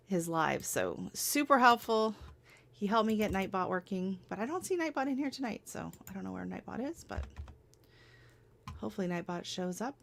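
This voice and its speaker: A middle-aged woman with a gravelly, mid-range voice hosts a livestream, handing out casual advice. She rambles chattily, laughing often and correcting herself along the way.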